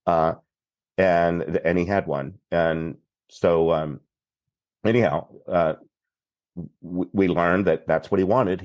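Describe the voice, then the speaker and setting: A man from Texas, a priest guest on a podcast, telling a story in an unhurried, plainspoken way. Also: low-pitched, darkish tone, no echo, highs cut off. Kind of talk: recounting a story in conversation.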